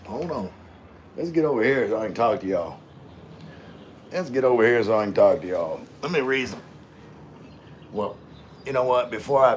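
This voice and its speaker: A man's voice: mid-range voice, slight background noise. Laid-back man chatting while eating. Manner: laid-back, rambling, talks with mouth full; folksy, calls himself country. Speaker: vlogger hosting a live stream. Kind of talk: casual livestream chat while eating.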